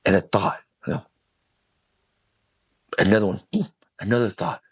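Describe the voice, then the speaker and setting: A man's voice: fairly low pitch, sing-song, moderate pace, breathy edge, no echo. A man guesting on a podcast, telling an intense personal story with emphatic, profane speech. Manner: intense, emphatic, swears freely.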